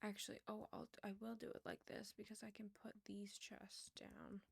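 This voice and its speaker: A woman's voice: medium pitch, level tone, moderate pace, creaky, slightly rough, no echo. Young woman livestreamer, chatty storyteller, dry close sound, mid-range voice. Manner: chatty storytelling, laughs often, mutters while playing. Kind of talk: casual chat while gaming.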